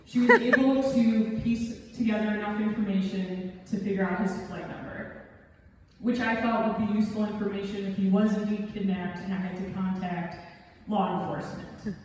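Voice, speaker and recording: A woman's voice: medium pitch, steady tone, moderate pace, far from the mic, a little hiss or hum. Woman telling a comic story on stage. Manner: self-deprecating comic timing. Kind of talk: live storytelling performance. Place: theatre stage. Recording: echoey hall recorded from afar. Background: audience laughter.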